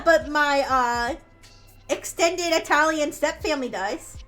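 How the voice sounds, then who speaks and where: A high-pitched woman talks casually on a live stream while drawing. She rambles, breaks off and restarts her sentences, and laughs easily. Soft music plays faintly under her voice. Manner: chatty and rambling, quick laughs, frequent restarts.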